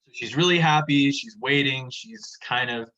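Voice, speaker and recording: A man talks through a lesson in a relaxed, chatty way, putting old lines into plain modern words. His voice is bright and forceful. The recording sounds dull and lo-fi. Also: medium pitch, normal speed. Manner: chatty, retells scenes in everyday words. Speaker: teacher. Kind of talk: casual classroom explanation.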